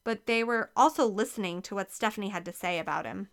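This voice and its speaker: A woman reading a children's novel aloud as narrator, expressive and clear. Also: mid-range voice, quick pace. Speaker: audiobook reader.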